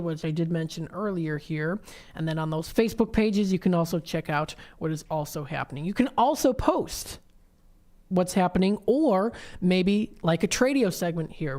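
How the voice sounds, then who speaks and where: A woman's voice: lowish voice, a little mellow. A woman hosting a local radio shopping show, chatting casually and reading event listings off websites with many fillers. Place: radio studio.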